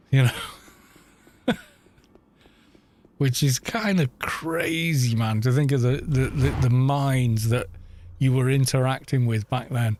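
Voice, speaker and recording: A middle-aged British man streaming a game from home, drifting from one story to the next at an unhurried, leisurely pace. His voice sits in an ordinary middle pitch and his talk is loose and rambling, with the odd casual swear word. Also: darkish tone. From Britain. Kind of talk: casual chat while gaming.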